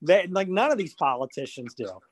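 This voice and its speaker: A man's voice: fairly high pitch, very animated, normal speed, no echo. Rambling, profane man on a podcast. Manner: rambling and profane, many fillers and mocking asides. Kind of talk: casual podcast chat.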